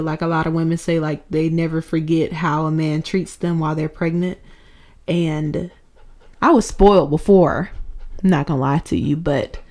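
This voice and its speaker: Young woman chatting on a podcast, storytelling vibe, lowish voice. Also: dark tone. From New Orleans family roots. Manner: chatty storyteller, laughs often. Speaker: podcast co-host. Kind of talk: casual chat.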